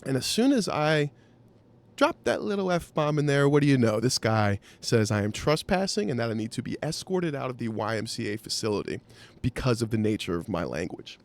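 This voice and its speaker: A man hosting a podcast, telling a wry anecdote in an animated, profane way. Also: mid-range voice, fairly quick. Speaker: podcast host. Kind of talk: storytelling anecdote.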